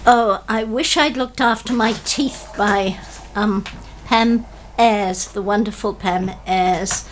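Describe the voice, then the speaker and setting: A woman reading poetry as a radio guest, measured and softly solemn, at a studio microphone. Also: mid-range voice, slight background noise. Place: small radio studio with cameras.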